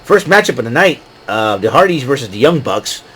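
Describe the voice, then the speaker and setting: A man's voice: mid-range voice, big pitch swings, a little fast, a bit bright, slightly rough, low-quality recording. A man casually recapping a wrestling show, rambling with lots of fillers and frequent laughs. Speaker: podcast host recapping wrestling.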